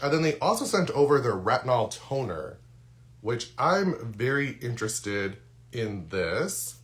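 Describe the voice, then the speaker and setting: A man's voice: medium pitch, sing-song, measured pace. A man who is losing his voice, chatting casually through a live unboxing with lots of ums and restarts. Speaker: skincare content creator. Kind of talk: live-stream unboxing chat.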